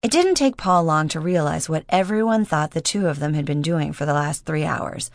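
A woman narrating an audiobook in a steady, measured reading voice. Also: low-pitched, dry recording, studio quality. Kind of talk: scripted narration.

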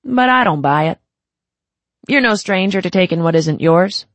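A narrator voicing a smooth, mocking young gang boss in his twenties, with a lilting, showy delivery. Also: mid-range voice, lively intonation, normal speed, fairly bright tone, no echo, lightly acted. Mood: taunting. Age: 20s. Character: smooth, taunting young male Italian-born gang boss.

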